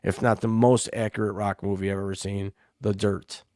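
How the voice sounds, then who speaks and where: A man's voice: fairly low pitch, level tone, moderate pace, dark tone, no echo, studio quality. A middle-aged man, co-hosting a casual chat and telling rowdy, profane stories full of acted-out quotes. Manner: rowdy storyteller, swears freely, acts out quotes. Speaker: podcast co-host.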